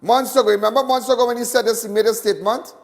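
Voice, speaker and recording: A man's voice: very high-pitched, fairly even intonation, racing. Boastful rambling Trinidadian man. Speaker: crime show host. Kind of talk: live talk show monologue.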